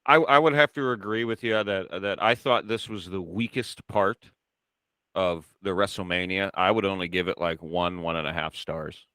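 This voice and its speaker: A man's voice: low voice, normal speed, bright, forceful tone, clear, resonant tone, no room sound. A man hosting a wrestling podcast in casual chat, telling stories with a teasing manner. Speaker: podcast host.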